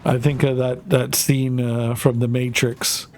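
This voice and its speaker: A man's voice: medium pitch, little pitch movement, a little slow. Rambling man streaming a tank game. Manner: rambling, filler-heavy, swears casually. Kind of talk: casual live gaming commentary.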